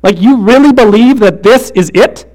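A man preaching a sermon, swinging between quick casual storytelling full of "like" and "right?" and slow, hushed emphasis. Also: extremely high pitch.

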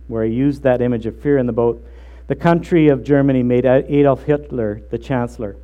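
Earnest preaching man, mellow voice. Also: medium pitch, fairly even intonation, muffled recording. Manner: earnest, measured preaching with slow emphatic phrases. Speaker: pastor. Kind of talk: sermon.

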